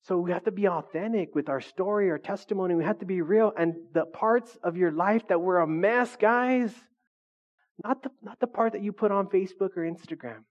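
A man's voice: high-pitched, normal speed. Preacher man, conversational, dull lo-fi sound. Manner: conversational, humorous, asks the audience questions. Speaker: pastor. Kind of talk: sermon.

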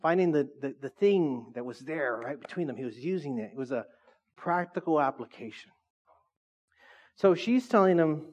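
A man's voice: fairly high pitch, lively intonation, normal speed, lo-fi sound. A man preaching a casual, joking sermon, teasing his audience and asking them questions.

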